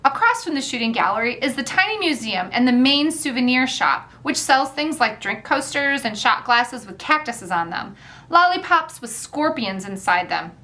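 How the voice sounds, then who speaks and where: Woman reading a kids book out loud, wry and chatty, lively up and down voice, kinda high. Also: moderate pace. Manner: wry, chatty young-girl narration. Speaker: audiobook narrator. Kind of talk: first-person audiobook narration.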